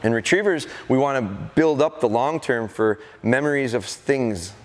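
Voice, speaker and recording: A middle-aged man, a dog trainer, leads a live seminar, telling stories and acting out what dogs and their owners say. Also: medium pitch. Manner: anecdotal, acts out dogs and owners. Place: event hall at a deer festival. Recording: long reverb of a large hall.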